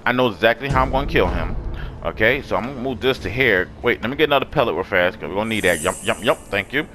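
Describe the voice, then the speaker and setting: A man giving excitable, profanity-laced let's play commentary, talking back to the enemies he fights. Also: lowish voice, fast, noisy background. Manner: excitable, swears a lot, talks to enemies. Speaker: gamer. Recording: background music.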